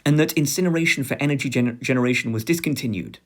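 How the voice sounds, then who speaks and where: A young British man giving a sarcastic commentary lecture, animated and stammering through restarts. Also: medium pitch, rapid-fire, few pauses. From Britain.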